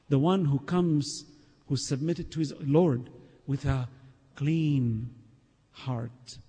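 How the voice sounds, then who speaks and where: Man giving a sermon, husky voice, pretty high, swings quiet to loud, long hall echo. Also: expressive, measured pace. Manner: earnest, emphatic, swinging between soft and loud; recites scripture in Arabic. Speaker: preacher.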